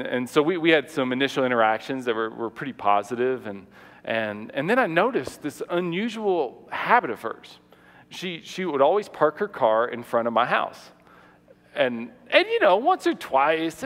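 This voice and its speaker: A man's voice: medium pitch, fairly bright tone. Guy preaching a story, lots of repeats, acts out quotes, big echoey hall. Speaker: pastor. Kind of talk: sermon with personal story.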